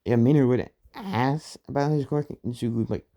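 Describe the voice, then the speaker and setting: A man's voice: mid-range voice, normal speed, warm tone. A man casually retelling a fan-made story, rambling with many fillers and restarts.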